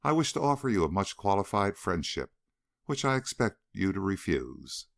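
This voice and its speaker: A man's voice: low-pitched, sing-song, normal speed, gravelly, heavily acted. A man reading the part of a bitter young man who formally offers a guarded friendship in an audiobook.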